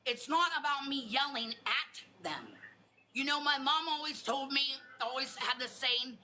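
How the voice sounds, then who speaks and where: A woman hosting a livestream, talking loudly and bluntly with lots of swearing as she rants. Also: sits high, animated, a little slow, slight background noise, poor audio. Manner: loud, blunt and profane. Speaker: livestream host. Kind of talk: heated livestream rant.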